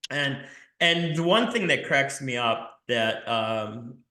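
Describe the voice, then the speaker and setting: A man's voice: mid-range voice, lively intonation, slow pace, sharp tone. A man co-hosting a podcast in casual chat, goofy and self-mocking, rambling as he talks. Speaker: podcast co-host. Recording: roomy echo.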